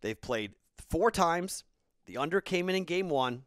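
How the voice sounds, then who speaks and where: A man's voice: a little high, animated, measured pace, fairly bright tone, smooth, no echo, clean studio sound. A man in his thirties, a podcast host, telling a casual rambling story and then giving betting picks, tired and self-correcting.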